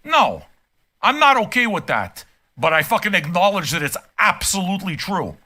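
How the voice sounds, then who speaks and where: A man's voice: sits high, big pitch swings, normal speed, bright, forceful tone. An older man streaming a reaction and ranting casually from his room, profane, emphatic and heated. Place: home room.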